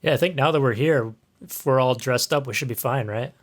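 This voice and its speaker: A man's voice: medium pitch, fairly quick. A man playing a tabletop game, easygoing and chuckling. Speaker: player.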